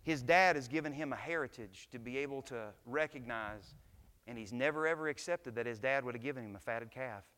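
A man preaching a sermon to his church, telling stories and building to loud, impassioned climaxes. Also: medium pitch, a little fast, clean tone, big-room sound. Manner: preaching, swells to shouts at climaxes. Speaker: pastor. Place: church sanctuary.

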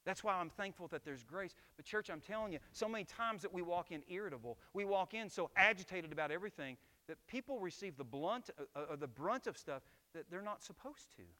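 A man's voice: high-pitched, expressive, fairly quick, hardly any pauses, pushed and bright. A middle-aged man preaching a sermon as pastor, emphatic and asking the congregation rhetorical questions.

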